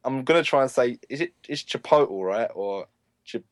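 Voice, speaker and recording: A man's voice: medium pitch, animated, moderate pace, clear, resonant tone, no echo. A young man, a podcast guest, chatting easily with short replies and laughing along. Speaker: podcast guest, paintball player. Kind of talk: casual chat.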